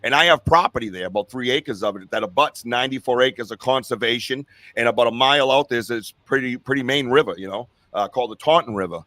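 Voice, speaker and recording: A man's voice: mid-range voice, quick pace, sharp tone, no room sound. A man from Massachusetts with a Boston accent, a guest telling stories in an upbeat, chatty way. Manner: upbeat, chatty, laughs easily. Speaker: podcast guest, Bigfoot researcher. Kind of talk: casual storytelling.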